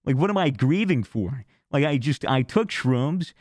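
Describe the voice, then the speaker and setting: A young man, a podcast host, telling a story in casual chat, animated, acting out quotes and swearing freely. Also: mid-range voice, normal speed, dry recording, studio quality.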